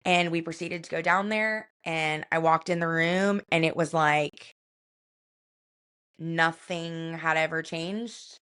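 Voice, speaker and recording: A woman co-hosting a podcast, telling a personal family story in a soft, reflective way with many casual fillers. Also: deep voice, fairly even intonation, slow pace, smooth. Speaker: podcast co-host.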